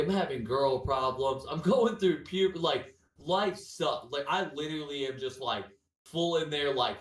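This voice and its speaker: A man co-hosting a podcast, telling long profane stories in a loose, animated way packed with "like" fillers. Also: medium pitch. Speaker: podcast co-host. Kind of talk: casual storytelling chat. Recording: echoey room, far from the mic.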